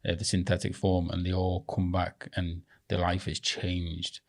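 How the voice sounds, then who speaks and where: A male podcast host with a very deep voice talks casually with his guest. He cuts in with supportive follow-up questions and sums up what he has heard. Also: monotone, a little slow, creaky. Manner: chiming in with affirming follow-up questions. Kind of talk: casual conversation.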